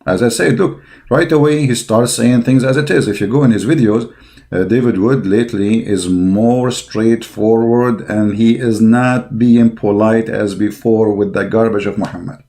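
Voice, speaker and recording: A man's voice: lowish voice, fairly even intonation, moderate pace, dark tone. A man giving a combative religious monologue, blunt and scornful, speaking emphatic English with broken grammar. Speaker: religious polemic commentator.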